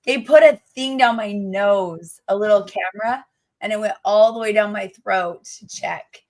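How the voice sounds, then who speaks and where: A woman teacher hosting a casual livestream, hoarse from damaged vocal cords, gushing and affectionate with her viewers. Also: medium pitch, normal speed, a little mellow.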